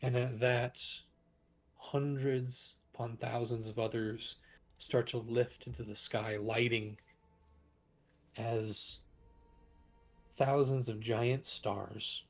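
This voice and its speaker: A man narrating as game master of a tabletop game, slow and halting. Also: mid-range voice, fairly even intonation.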